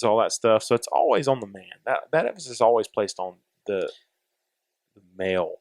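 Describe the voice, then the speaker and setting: A man with a fairly low voice, a guest on a podcast, weighing his words as he talks in a relaxed chat. The recording is dry and close, with no echo. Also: a little fast. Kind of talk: casual chat.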